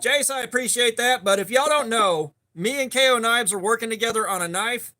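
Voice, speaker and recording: A man with a drawl hosts a casual live stream, chatting easily and greeting viewers by name. His voice sits unusually high and sounds bright and forceful. He keeps a laid-back, friendly pace. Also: brisk, soft background music. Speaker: livestream host.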